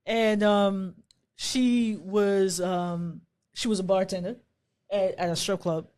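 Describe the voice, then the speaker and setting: Brief: woman from Bermuda, podcast co-host, casual storytelling, lively and laughing, mid-pitched voice. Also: slow. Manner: animated, laughing, swearing freely.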